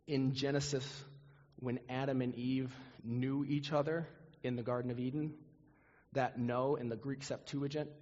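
Husky-voiced male preacher in a reverberant hall. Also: medium pitch, darkish tone. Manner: earnest, repeats words, acts out quoted prayers. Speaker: pastor. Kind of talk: sermon. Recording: muffled audio with long hall reverb.

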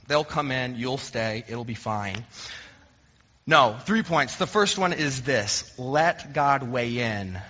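A man's voice: medium pitch, pushed and bright. Storytelling male pastor in a big hall. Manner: conversational, self-deprecating storytelling. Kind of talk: sermon with humorous anecdotes. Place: church sanctuary. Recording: dull recording in a reverberant hall.

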